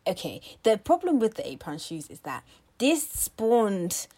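Co-host, young English woman, mid pitch, lively and opinionated. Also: a little slow. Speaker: podcast co-host. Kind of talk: casual chat.

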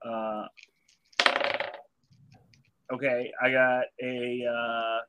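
A man's voice: mid-range voice, flat delivery, extremely slow, narrow, tinny audio. A young man playing a tabletop game, rowdy and jokey, swearing now and then. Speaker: player. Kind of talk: casual tabletop game chat. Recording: audible background noise.

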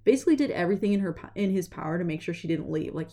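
Speaking in a lowish voice, this young woman tells a story in a relaxed, talkative way, full of energy and quick character impressions.

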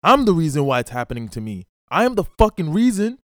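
A fairly high-voiced man talks straight at his listeners in a solo podcast, bluntly and profanely urging them to get up and act. The sound is dry and close, with no room around it. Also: very animated, quick pace, no room sound. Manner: blunt, profane, preachy, calls listener bro. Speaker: podcast host. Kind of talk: solo motivational podcast monologue.

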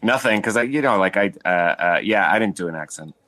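A man's voice: on the low side, expressive, fairly quick, pushed and bright, no echo. A man, an actor guest on a podcast, talking casually in a rambling, self-mocking way. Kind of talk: casual interview chat.

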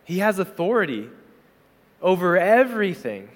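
A man preaching a sermon as pastor, conversational and animated, slipping into quick acted asides. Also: sits high. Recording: hall reverb.

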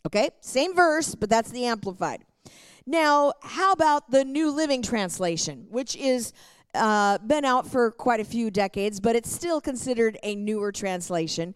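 A middle-aged woman pastor teaching a church lesson in a lively way, often laughing and reading scripture aloud. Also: a little high, a little slow, smooth, no room sound.

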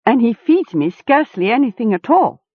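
A woman's voice: a little high, big pitch swings, normal speed, breathy edge, no room sound, voice pushed up. A woman voicing a thin, half-starved male farm hound that is anxious and whimpering, in a storybook reading over a tinny line. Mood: warning. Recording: tinny phone-like sound.

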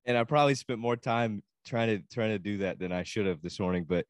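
A man's voice: fairly low pitch, quick pace, no echo. A man in his forties, a youth minister and musician co-hosting a casual podcast, who rambles and laughs easily.

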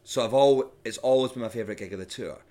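A young Scottish man, a stand-up comedian, chatting casually on a podcast and telling animated stories. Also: mid-range voice, fast. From Scotland. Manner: animated storyteller, mimics hecklers with loud sudden shouts.

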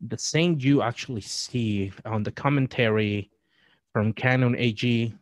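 A man appearing as a podcast guest, talking in a halting, scholarly way with frequent restarts. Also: mid-range voice, no echo. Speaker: guest, Catholic writer and presenter. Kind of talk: podcast discussion.

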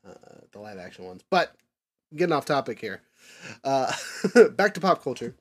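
A man's voice: medium pitch, big pitch swings, moderate pace. A man hosting a casual podcast chat in a mid-range voice. He rambles through fillers and restarts, drifting into nerdy tangents and laughing them off. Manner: rambling, filler-heavy, self-correcting. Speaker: podcast host.

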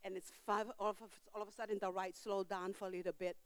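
An older woman preaching a sermon in church, telling a story with emphatic outbursts and quiet asides, in simple non-standard grammar. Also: medium pitch, flat delivery, fast talker, clear, resonant tone, dry recording.

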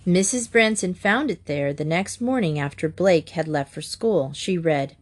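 A woman narrating a children's storybook in an expressive way. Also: lowish voice, a little slow, hardly any pauses. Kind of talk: storybook reading.

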